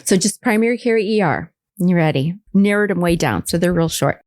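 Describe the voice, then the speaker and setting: A woman's voice: fairly low pitch, animated, fairly quick, darkish tone, dry recording, clean studio sound. A middle-aged woman hosting a podcast, chatty and playful as she quizzes her guest. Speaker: podcast host. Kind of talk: casual chat.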